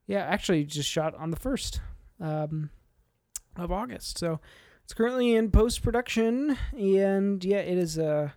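A man's voice: high voice, lively intonation, a little slow, a little mellow, no echo, clean studio sound. A young man co-hosting a casual podcast, laid-back and hesitant, with lots of fillers. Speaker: podcast co-host. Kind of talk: casual chat.

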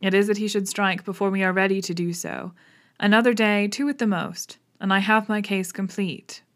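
A woman's voice: medium pitch, steady tone, normal speed, natural voice. A woman reading the lines of an intense, commanding male Victorian detective, grave and clipped.

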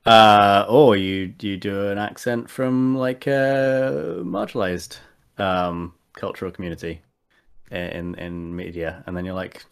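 A podcast guest with a very deep voice chats casually about tabletop games. Thinking out loud, he hesitates a lot, stacking up fillers and restarting sentences, at a measured pace in a creaky yet smooth voice.

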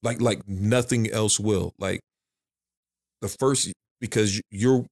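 A man's voice: fairly low pitch, takes it slowly, darkish tone. A man who is a father of three, talking frankly and emphatically in a casual podcast conversation, repeating his phrases as he goes.

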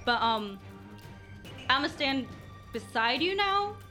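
A woman's voice: high voice, very animated, takes it slowly, sharp tone, soft background music. A woman playing a tabletop game, chatty and hesitant, laughing between questions. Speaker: player.

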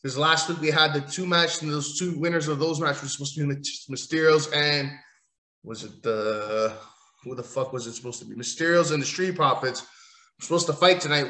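A man's voice: on the high side, normal speed, bright, forceful tone. A man giving a rambling, sarcastic, profane recap of a wrestling show. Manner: sarcastic, rambling, swears often. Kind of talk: casual profane rant recap. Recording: echoey room.

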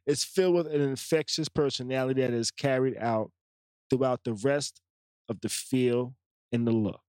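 A man's voice: medium pitch, a little slow, a little mellow, no echo, studio quality. A man co-hosting a casual podcast, joking loosely and reading chat messages and statements aloud. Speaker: podcast co-host.

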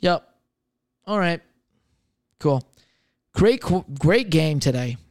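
A man's voice: a little high, sing-song, takes it slowly, darkish tone, no room sound, studio quality. A young man in casual podcast chat, rambling with lots of fillers and swearing as he tells personal stories. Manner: rambling, profane, filler-heavy.

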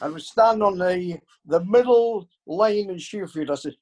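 A man's voice: high-pitched, normal speed, a little mellow. An older man, casually telling rambling anecdotes in an interview, full of fillers and restarts. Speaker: interview guest, former football club staff. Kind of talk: casual storytelling.

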